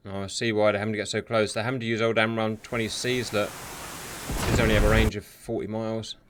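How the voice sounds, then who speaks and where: A man commentating on a simulated air and sea battle, excitable and sarcastic, talking straight to his viewers. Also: lowish voice, fast talker. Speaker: war game commentator. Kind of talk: live gameplay commentary. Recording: steady hiss behind the voice.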